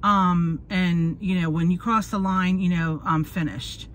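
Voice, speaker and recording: A woman's voice: lowish voice, fairly even intonation, a little slow, slight background noise. A woman in her forties chatting casually in a car, rambling and losing her train of thought. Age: 40s. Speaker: vlogger. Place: in a parked car.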